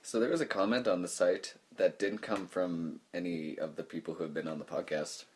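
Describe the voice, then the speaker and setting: A man's voice: low-pitched, steady tone, a little fast. A young man co-hosting a podcast, chatting casually and teasing his friend in a laid-back way, recorded on a phone lying on a table. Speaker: podcast co-host. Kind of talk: casual chat.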